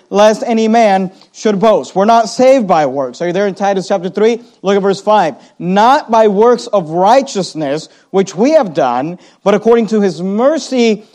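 A man preaching a sermon as pastor, reading scripture aloud and slowing down to stress key words. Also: high voice, a little mellow. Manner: reads scripture aloud, slows down for emphasis.

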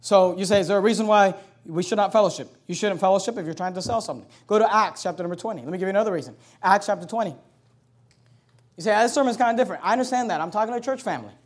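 High-voiced man preaching a fiery sermon. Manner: forceful preaching, loud scripture readings, quick asides. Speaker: pastor.

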